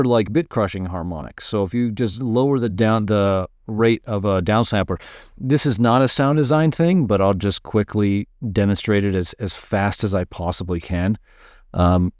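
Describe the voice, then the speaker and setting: A man casually teaching music production, thinking aloud while he works and muttering at his software. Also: lowish voice. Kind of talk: casual screen-recorded tutorial.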